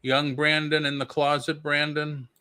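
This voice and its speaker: Bright, dry-sounding male host. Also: a little high, flat delivery, a little slow, clear, resonant tone, no echo. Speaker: talk show host. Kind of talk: casual chat.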